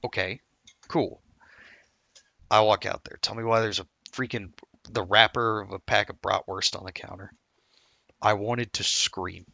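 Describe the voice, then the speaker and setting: Gravelly-voiced rambling streamer man. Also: fairly low pitch, steady tone, unhurried, pauses often, pushed and bright, dry recording, dull audio. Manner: rambling, self-interrupting storyteller. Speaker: gameplay streamer. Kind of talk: casual gameplay commentary.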